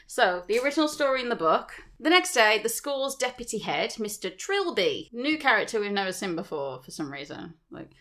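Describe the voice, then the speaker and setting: A woman co-hosting a podcast, chatting loosely through a story retelling. She swears offhandedly and laughs at her own asides. Her voice sits at an ordinary middle pitch. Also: fairly bright tone. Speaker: podcast co-host. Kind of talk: casual chat retelling a story.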